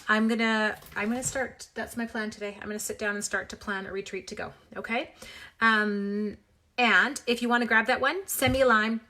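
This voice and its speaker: A Canadian woman with a sharp, mid-range voice hosts a casual live papercraft demo. She's playful and talkative, names viewers as she greets them, adds small sound effects, and leans on self-mocking humor.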